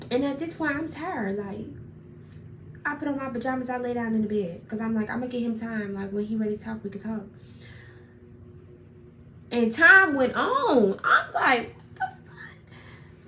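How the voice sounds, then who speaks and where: A young woman telling a personal story in a casual, animated, profane way, getting worked up as she retells it. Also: a little high, creaky. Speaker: storyteller vlogger. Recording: roomy echo, far from mic, faint noise.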